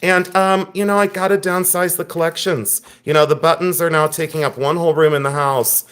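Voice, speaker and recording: A man's voice: on the high side, steady tone, a little fast, a bit bright, clean tone. A man hosting a live-stream jewelry sale, chatty and openly frustrated, thanking viewers by name. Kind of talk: live-stream selling chat.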